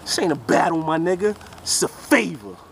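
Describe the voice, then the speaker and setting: A man's voice: a little high, very animated, moderate pace, gravelly, a little hiss or hum. A man performing a live battle rap, delivering aggressive, taunting punchlines at his opponent. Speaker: battle rapper.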